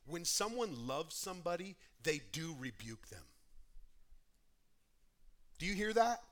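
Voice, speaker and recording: Pastor guy preaching hard, high voice, goes quiet then loud, talks right at the church. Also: big pitch swings, measured pace. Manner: impassioned, swings between quiet and loud; addresses the congregation directly. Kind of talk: sermon.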